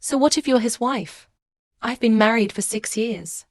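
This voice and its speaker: A woman's voice: a little high, a little slow, no room sound, clean studio sound, close to an everyday voice. A woman voicing a harsh, scolding mother-in-law in a drama. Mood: scornful. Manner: contemptuous, scolding. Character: scornful older mother-in-law, harsh and bossy.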